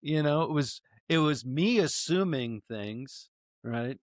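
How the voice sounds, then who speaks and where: A man's voice: mid-range voice, animated, slow pace, dry recording, clean studio sound. A man co-hosting a podcast, telling a profane story in casual chat. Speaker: podcast co-host.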